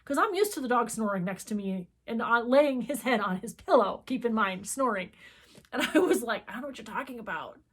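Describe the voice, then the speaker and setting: A woman's voice: a little high, lively intonation, a little fast, a bit bright, breathy edge. A middle-aged woman co-hosting a crafting channel, telling a story in casual chat and acting out the quoted dialogue. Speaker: co-host of a cross-stitch video channel.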